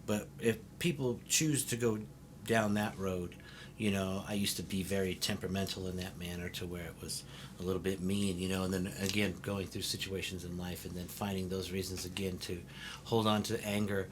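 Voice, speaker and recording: Animated, foul-mouthed middle-aged man. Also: deep voice, moderate pace, noisy background. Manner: animated, profane and blunt, laughs often. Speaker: host. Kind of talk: casual interview chat.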